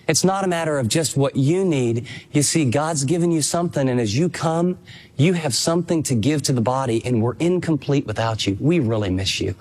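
A man's voice: medium pitch, lively intonation, a little fast, a little mellow. A man preaching a sermon to a congregation, earnest and emphatic, often acting out quotes in an everyday conversational way. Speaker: pastor.

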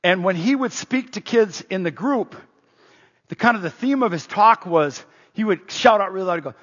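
A man preaching a sermon, telling a story in a chatty way with restarts, and rising loud on points of emphasis. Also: high-pitched, expressive, moderate pace, husky. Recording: dull echoey hall.

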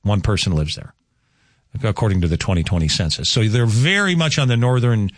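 A man hosts a local radio morning show from a studio, chatting casually, joking with a guest, and taking listener texts. His lowish voice is brisk, captured on a studio mic in a dry recording.

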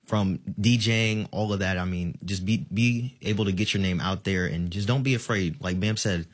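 A man's voice: sits low, moderate pace. A man in his late teens, a graduating student, answering radio interview questions hesitantly with fillers and restarts.

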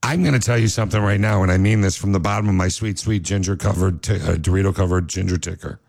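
A man's voice: low-pitched, fairly even intonation, fast talker, vocal fry, a little mellow, dry recording, clean studio sound. A man co-hosting a radio show, joking around in playful banter. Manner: playful, jokey, slips into put-on voices.

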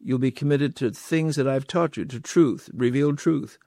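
A man's voice: mid-range voice, normal speed, dark tone, no room sound, clean studio sound. Emphatic male preacher, rhetorical questions. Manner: emphatic, repeats key words, asks rhetorical questions. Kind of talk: sermon.

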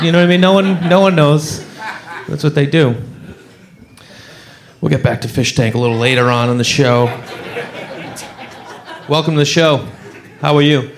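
A man's voice: a little high, a little fast, long pauses. A man doing stand-up on a comedy club stage, telling a story and acting out the other people's voices. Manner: animated, acts out voices.

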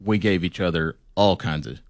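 A man's voice: low-pitched, normal speed, no echo, studio quality. A man in his thirties co-hosting a casual podcast, joking and laughing often as he talks. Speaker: co-host.

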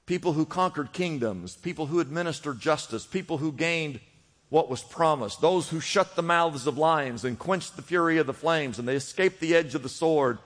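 High-voiced man preaching in a reverberant hall. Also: normal speed. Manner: preaching with rising fervor, repeated exhortations. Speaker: pastor. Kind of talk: sermon.

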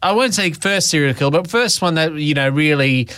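An Australian radio host keeps the talk loose and chatty. His voice sits a little high for a man. The studio sound is dry and close. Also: animated, fairly quick, a bit bright, smooth, no room sound. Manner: easygoing, chatty, casual banter. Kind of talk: casual radio chat.

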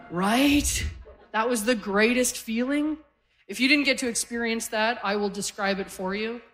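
A woman's voice: on the high side, normal speed. A woman in her forties from Canada doing a stand-up set on a club stage, chatty and self-deprecating, often laughing through her punchlines. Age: 40s. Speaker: stand-up comedian.

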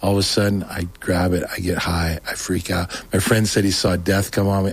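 A man, a show guest, telling his conversion story in a rambling, animated way with many restarts. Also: deep voice, a little fast, hardly any pauses, husky. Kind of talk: casual spoken testimony.

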